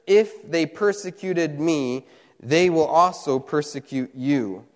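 A man preaching a sermon as pastor, telling a story with earnest, animated delivery and dramatic pauses. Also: a little high, big-room sound. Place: church hall, also streamed online.

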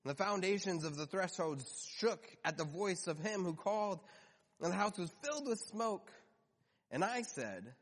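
High-voiced preacher in a reverberant hall. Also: male voice. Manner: animated, conversational, slows for emphasis. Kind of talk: sermon.

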